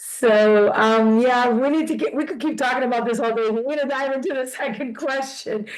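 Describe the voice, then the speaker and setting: A woman's voice: on the high side, moderate pace, poor audio. Upbeat, encouraging woman host. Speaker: interview host, executive director. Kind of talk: casual interview chat.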